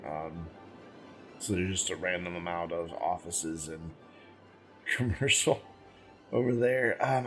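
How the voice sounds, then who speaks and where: A man hosting a gaming channel, giving casual let's-play commentary as he plays, thinking aloud, rambling and correcting himself, with the hiccups. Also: low voice.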